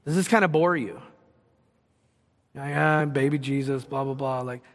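Pastor, male, higher-pitched, conversational sermon that builds in emphasis; church hall reverb. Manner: conversational preaching with rising emphasis.

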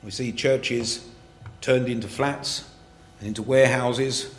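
A slow, mid-range male voice with fairly even intonation carries an earnest sermon to a congregation. He reads scripture in King James language, explains it, and builds to emphatic passages, all in a reverberant space.

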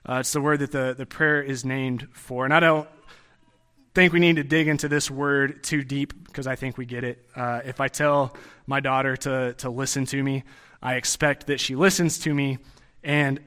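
Bright-voiced young man preaching casually. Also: medium pitch, fairly even intonation, normal speed, clear, resonant tone. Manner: conversational, with frequent restarts and asides. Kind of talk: sermon teaching.

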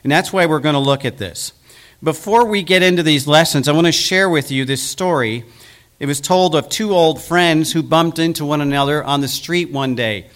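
A man preaching a sermon as pastor in a church, earnest and slowing down to stress key words. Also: fairly high pitch, a bit bright.

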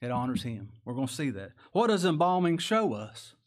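A man's voice: medium pitch, very animated, normal speed. A man preaching a sermon in a folksy, conversational way, asking rhetorical questions and chuckling as he goes. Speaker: pastor.

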